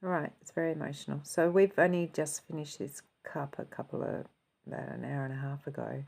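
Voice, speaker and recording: A woman's voice: deep voice, a little fast, creaky, a little mellow, a little hiss or hum. A woman talking to camera as an intuitive channeler, giving a casual spiritual reading and thinking aloud as she goes. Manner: chatty, thinking aloud, yawning and laughing.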